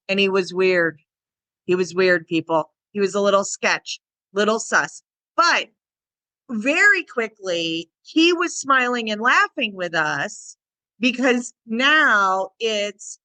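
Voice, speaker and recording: Bright, chatty woman dog trainer. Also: a little high, no echo. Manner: lively, chatty, acts out little voices and quotes. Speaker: dog trainer, podcast co-host. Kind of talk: casual podcast chat.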